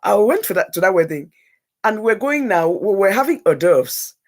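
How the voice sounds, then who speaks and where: A woman telling an emotional personal story as a talk-show guest, animated and repeating phrases for emphasis. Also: mid-range voice, normal speed.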